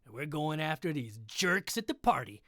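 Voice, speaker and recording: Chatty, rambling man with a slightly high voice. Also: very animated, moderate pace, sharp tone, dry recording, studio quality. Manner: rambling, joking, riffs on accents, swears casually. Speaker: livestream host reading a story aloud. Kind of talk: casual chat during a live reading.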